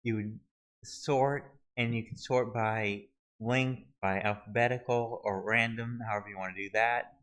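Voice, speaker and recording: A man with a fairly low voice narrates a screen-recorded tutorial. He talks casually and haltingly, often breaking off and restarting his sentences as he clicks through the page. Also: fairly even intonation, fairly bright tone, poor audio. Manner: halting, many restarts and fillers. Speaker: video tutorial host.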